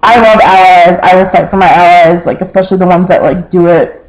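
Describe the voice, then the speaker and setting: High-voiced young man rambling to camera. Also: fairly even intonation, fairly quick, poor audio. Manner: rambling, filler-heavy, quotes family members. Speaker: vlogger. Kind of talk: casual personal storytelling.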